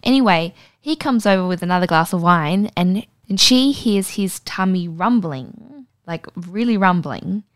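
A woman, co-hosting a casual podcast and telling an animated story, acting out the voices. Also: lowish voice, measured pace, few pauses, no echo. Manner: animated, acts out voices in stories. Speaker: podcast co-host.

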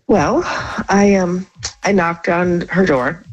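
A woman calling in to a radio show, speaking haltingly and with feeling, often restarting her sentences. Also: on the low side, muffled recording, faint music behind. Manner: halting, emotional, with many restarts. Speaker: caller. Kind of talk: phone-in call on a radio show.

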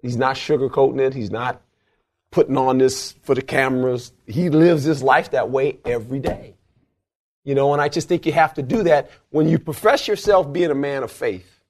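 A man's voice: moderate pace, a little mellow. An older man, a former football coach, telling stories in an interview with lots of emphasis and laughter, acting out quotes in a raised voice. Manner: emphatic, laughs often, acts out quotes in a high voice. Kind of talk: animated storytelling interview.

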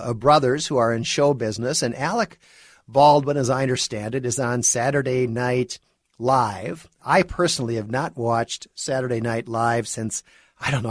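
A man holds forth on talk radio in a wry, chuckling monologue, often circling back and restarting his phrases. His voice sits at an ordinary middle pitch. He speaks close to the microphone in a dry, dead studio. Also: no room sound. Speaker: radio guest host.

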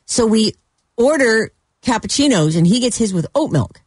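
A woman co-hosting a radio show, telling stories in animated casual banter with frequent laughs. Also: fairly high pitch, moderate pace, slightly rough, no room sound, studio quality. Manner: animated storyteller, laughs often.

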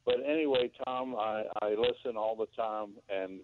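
A man's voice: on the low side, moderate pace, background noise. An older man calling into a radio show, rambling and hunting for words as he chats. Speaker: radio caller. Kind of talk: call-in chat. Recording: tinny phone line.

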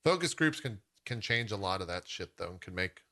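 A man's voice: lowish voice, animated, fairly quick, pushed and bright. A man hosting a podcast in loose, casual chat, full of fillers. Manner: loose and chatty, many "like" fillers. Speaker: podcast host.

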